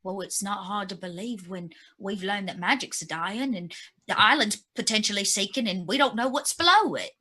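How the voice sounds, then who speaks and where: A woman's voice: medium pitch, normal speed, pushed and bright. A woman playing her character in a tabletop game, hesitant and stammering yet eager. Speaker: player. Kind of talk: in-character tabletop role-play.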